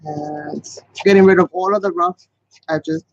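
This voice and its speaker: A chatty man with a fairly high voice leads a casual live craft tutorial, rambling along as he works. The sound is dull and lo-fi, and the voice comes through dry and close with little room around it. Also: steady tone, unhurried, no echo. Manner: chatty, rambling, talks to viewers as "you guys". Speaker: craft channel host.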